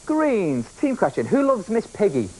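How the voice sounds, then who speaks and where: Man, kids' game show host, bouncy lively pitch, shouty and playful, faint noise behind. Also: moderate pace, rough recording. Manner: energetic, playful, often shouting.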